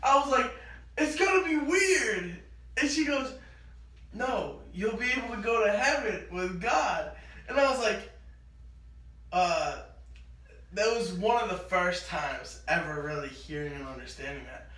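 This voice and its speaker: High-voiced man telling a story. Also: a little slow. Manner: animated, acts out quoted lines. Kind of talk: casual storytelling chat. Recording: echoey room, mic at a distance.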